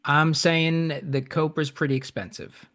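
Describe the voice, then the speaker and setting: A man's voice: a little high, little pitch movement, unhurried, fairly bright tone. A man hosting a podcast, chatting casually with a self-deprecating laugh and reading out a listener's email. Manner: chuckling, self-deprecating, restarts often. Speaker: podcast host.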